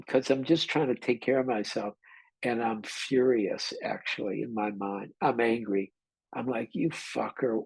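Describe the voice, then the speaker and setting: Guy meditation teacher rambling thru a personal story, husky, dry close sound. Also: mid-range voice, a little mellow, no echo, poor audio. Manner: rambling, candid storytelling with restarts and mild swearing. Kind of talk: informal dharma talk.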